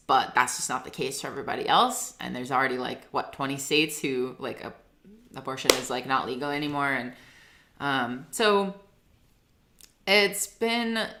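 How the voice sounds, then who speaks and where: A woman in her thirties, a singer-songwriter and guest, talking in a casual, rambling, earnest way, full of "like" and quick laughs. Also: deep voice, sharp tone. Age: 30s. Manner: rambling, heavy use of "like", laughs often; earnest and emotional. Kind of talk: casual interview chat.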